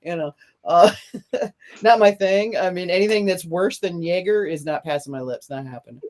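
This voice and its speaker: A podcast host, a woman with a slightly low voice. She talks in a loose, rambling way and breaks into laughter often as she chats. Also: moderate pace, darkish tone. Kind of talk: casual chat.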